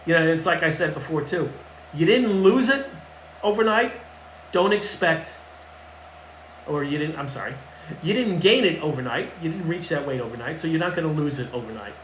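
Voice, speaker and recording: A man's voice: a little high, lively intonation, normal speed, a bit bright, a little hiss or hum. A man working as a fitness coach gives casual advice to camera in a blunt, emphatic way and repeats his key points. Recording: echoey room with faint ambience.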